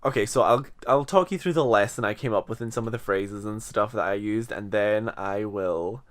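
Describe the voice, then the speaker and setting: Rambling young Scottish man, low-voiced. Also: moderate pace, faint music behind. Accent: mild Scottish. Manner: rambling, self-deprecating, chatty. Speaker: English teacher. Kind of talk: unscripted vlog to camera. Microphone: camera in front of him.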